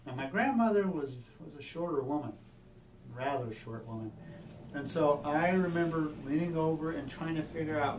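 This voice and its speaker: A man, a doctor, telling a personal story in an earnest, halting way, with many restarts. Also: a little high, background noise. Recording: echoey room, mic at a distance.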